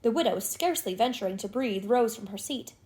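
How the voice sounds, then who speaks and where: A woman's voice: a little high, lively intonation, fairly quick, darkish tone. Woman reading a classic novel aloud. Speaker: audiobook narrator. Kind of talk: scripted narration of a classic novel.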